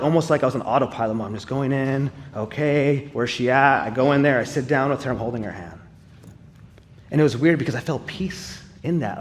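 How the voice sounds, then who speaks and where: A man giving a live testimony in church, telling his story in an earnest, conversational way with casual fillers. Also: medium pitch. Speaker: speaker sharing a personal testimony.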